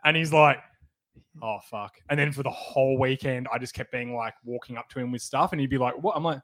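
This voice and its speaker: A man's voice: medium pitch, fairly even intonation, fast talker, fairly bright tone, dry recording. A man, co-hosting a podcast and telling stories in casual banter. He swears often and laughs through his tales. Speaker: podcast co-host.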